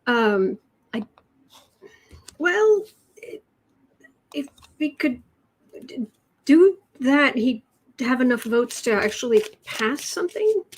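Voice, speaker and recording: A woman's voice: sits high, lively intonation, slow pace, pauses often, slightly rough. A woman with a Chicago accent hosting a live tarot reading and answering chat questions in a chatty, wry way, often trailing off and restarting. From Chicago, USA. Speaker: tarot and astrology livestream host. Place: home room with adjustable lighting.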